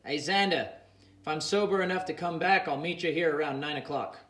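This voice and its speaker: A man voicing a boozy, cheeky male drinking buddy who jokes around loudly, in an audiobook reading. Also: fairly high pitch, normal speed, natural voice. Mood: boisterous. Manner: jokey, slangy, loud and boisterous.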